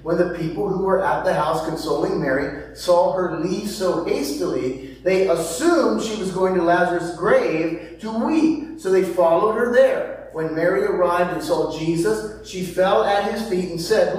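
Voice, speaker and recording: High-voiced preacher in an echoing hall. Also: male voice, a little slow, hardly any pauses. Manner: emphatic, swings between loud stresses and hushed asides; rhetorical questions. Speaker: pastor. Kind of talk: sermon with scripture reading. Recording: very echoey hall from far off.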